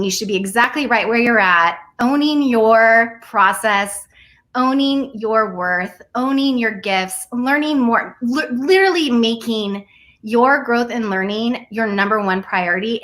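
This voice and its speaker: A woman's voice: a little high, unhurried. A woman in her forties, talking earnestly and telling a personal story in a casual conversation. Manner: earnest, animated storytelling with laughs. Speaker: guest.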